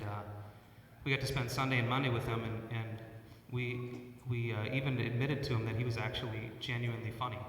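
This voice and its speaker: Man giving a halting eulogy in an echoey church. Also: mid-range voice, a bit bright, a little hiss or hum. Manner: halting, often repeats words; personal storytelling. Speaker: eulogist, son of the deceased; church worship leader. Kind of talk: funeral eulogy. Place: church sanctuary. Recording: echoey church hall from far off.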